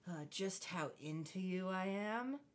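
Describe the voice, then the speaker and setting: A woman's voice: fairly low pitch, expressive, a little slow, voice pushed down. Woman doing a smarmy rich teen boy.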